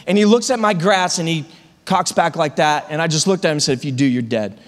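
High-voiced pastor telling a comic story. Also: male voice, fairly quick, in a large hall, a little hiss or hum. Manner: animated comic storytelling, repeats words. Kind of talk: storytelling sermon. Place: church sanctuary.

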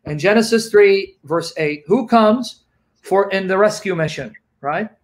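A man speaking as a guest apologist on a livestream, teaching emphatically and slowing down to repeat key phrases. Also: high-pitched.

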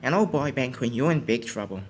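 A young man at home, sleepy from waking up early, rambles through a casual reaction with many restarts. His voice sits at a middle pitch. A faint hum of noise runs under the recording. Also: lively intonation, a little fast. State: sleepy, just woke up. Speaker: YouTuber reacting to a trailer. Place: home, indoors. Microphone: home recording setup.

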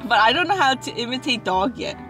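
A woman's voice: on the high side, animated, fast, over music, low-quality recording. A woman from Canada, a mother and vlogger, chatting playfully and teasing back inside a car. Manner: playful, giggly, argumentative. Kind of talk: casual chat.

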